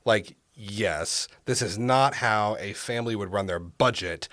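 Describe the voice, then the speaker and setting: A man co-hosting a casual political podcast, reading news and then getting worked up and loud as he argues. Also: lowish voice, measured pace, no room sound, clean studio sound. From Oklahoma. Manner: gets worked up, rising loud and animated. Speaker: podcast co-host.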